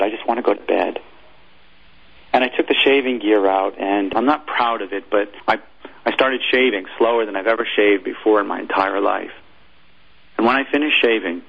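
A former military chaplain, a man, telling a personal story in an interview, halting and repeating words as he goes. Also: fairly low pitch, vocal fry, breathy edge, lo-fi sound.

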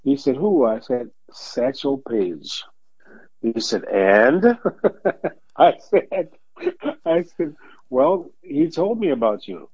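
Older man telling stories, dark husky voice. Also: medium pitch, slow pace, long pauses, dry recording. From Detroit, USA. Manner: animated storyteller who acts out quoted voices and laughs often. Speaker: interview guest, former police officer. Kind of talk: storytelling in an interview. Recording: dull lo-fi recording.

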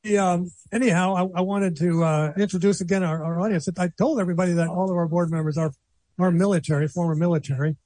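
A man's voice: high voice, fairly even intonation, quick pace, warm tone, dry recording. An older man hosting a radio show, chatting casually and self-deprecatingly, laughing often.

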